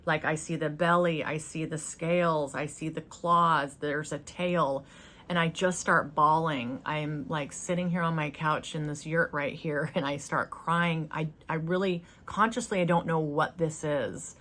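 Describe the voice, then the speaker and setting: A woman's voice: deep voice, fairly even intonation, unhurried, fairly bright tone. A woman hosting her own spiritual channel, telling a personal story in an earnest, hesitant way with many fillers and restarts, speaking from her couch in a yurt.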